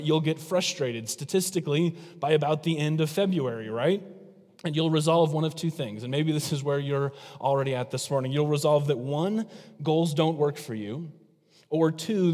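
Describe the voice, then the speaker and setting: A man delivers a sermon as a pastor, his voice sitting a little high. He keeps turning to the congregation with questions. The sound rings with the long reverb of a church hall. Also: darkish tone. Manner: engaging, asks the congregation questions. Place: church sanctuary.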